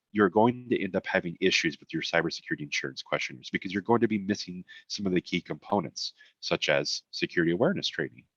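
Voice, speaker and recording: Man, low voice, conversational webinar presenter with offhand humor, voice tiring; dry, slightly muffled mic. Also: no room sound. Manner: conversational, self-deprecating asides. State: voice getting tired. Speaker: cybersecurity presenter.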